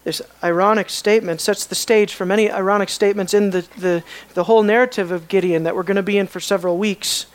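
Bible teacher, lecturing a class, emphatic, asks questions, medium pitch. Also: steady tone, fast, few pauses.

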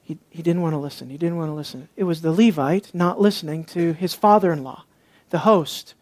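A worked-up preacher in full expository flow, pressing each point with rhetorical questions and then pulling back into low, confiding asides. The voice sits at an ordinary middle pitch, and the sound is dry and close, with no room around it. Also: fairly quick, a little mellow, no echo. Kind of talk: expository sermon.

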